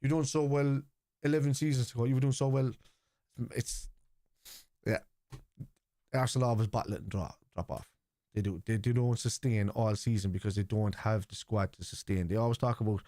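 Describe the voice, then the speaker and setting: This watchalong host has a medium-pitched, dark-toned voice, a steady tone and a slightly fast pace. Over a live football match he offers casual, opinionated chat laced with swearing and repetition. The sound is clean studio quality with no room sound.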